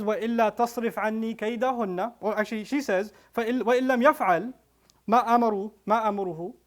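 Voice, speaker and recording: A man giving a religious reminder, telling a scripture story with animated acted-out quotes and quick recitation of Arabic verses. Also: high voice. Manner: animated, acts out quoted characters. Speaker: preacher.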